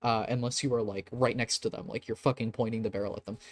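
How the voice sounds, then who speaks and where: A man's voice: on the low side, fairly even intonation, fast talker. A young man narrating a tabletop game as game master, casual and laughing, swearing often. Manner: casual, laughing, swears often, puts on silly shopkeeper voices.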